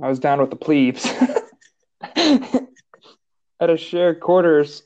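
A man's voice: fairly high pitch, fairly even intonation, takes it slowly, dark tone, lo-fi sound. A man co-hosting a casual podcast, rambling along with lots of "like.". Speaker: podcast co-host.

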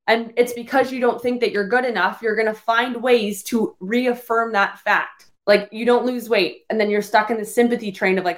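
Chatty woman with a higher voice. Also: brisk, few pauses. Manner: rambling, heavy use of "like" fillers; coaching, direct address to listeners. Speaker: podcast host. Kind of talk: casual solo podcast monologue.

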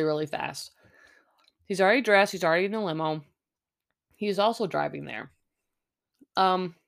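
A middle-aged woman recapping a reality show in a loose, chatty podcast voice, a touch low for a woman. She talks close to the mic and drops sarcastic asides between fillers and restarts. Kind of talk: casual chat. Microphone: close mic, chewing audible.

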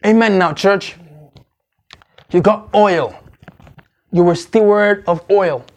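A man preaching from the pulpit in a high voice. He drives his points home with repeated phrases, calls on the congregation to respond, and keeps checking that they are following along. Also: takes it slowly. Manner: repetitive, exhorting, asks congregation to follow along. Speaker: pastor. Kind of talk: sermon.

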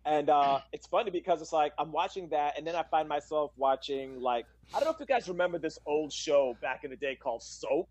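A man's voice: fairly high pitch, brisk, few pauses, darkish tone, no room sound. A man in a casual podcast chat, talking eagerly about old shows.

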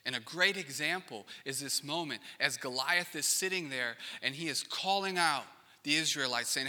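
A male pastor preaching in a relaxed, conversational way and slipping in joking asides. His voice is very bright and sharp, and it carries a long reverb from a big hall. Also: on the high side, normal speed. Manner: casual and conversational, acting out quotes with joking asides. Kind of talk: sermon.

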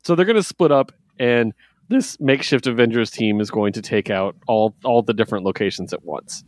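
A man's voice: mid-range voice, brisk, no room sound, studio quality. A man co-hosting a casual comic review podcast, laughing often and acting out lines from the books. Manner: animated, acts out quotes, laughs often. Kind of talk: casual chat.

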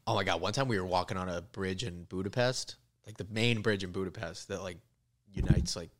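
A young man casually telling rowdy travel stories on a podcast, swearing a lot and loudly acting out the people in them. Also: sits low, brisk. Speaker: podcast guest. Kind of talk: casual storytelling.

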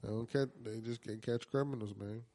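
A man's voice: mid-range voice, steady tone, background noise. A man with a New Orleans accent, co-hosting a podcast, chatting casually in an earnest, agreeable way. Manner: agreeable, backs up the other host, slow and earnest. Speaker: podcast co-host. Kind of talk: casual chat.

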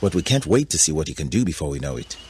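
A man voicing a fierce, loyal female tiger guardian who speaks sternly and teases with a sharp tongue. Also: rumbling low, big pitch swings, rapid-fire, background noise.

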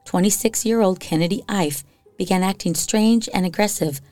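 A woman's voice: mid-range voice, normal speed, mellow, no echo, soft background music. A woman from Iowa hosting a podcast, reading spooky stories in a chatty way with casual asides. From Iowa, USA. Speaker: podcast host.

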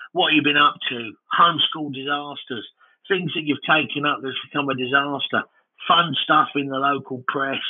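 Man, deadpan comic monologue, self-mocking, podcast host, narrow phone-like sound, mid-pitched. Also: slightly rough. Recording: band-limited, phone-like sound.

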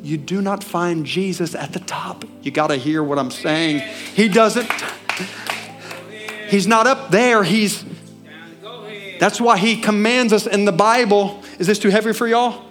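A middle-aged man preaching a sermon, telling a personal story and building to loud, fervent peaks. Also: high-pitched, unhurried, music in the background.

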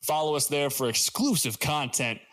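A man's voice: on the high side, animated, moderate pace, fairly bright tone. A man co-hosting a comedy podcast, riffing casually and joking about absurd scenarios. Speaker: podcast co-host.

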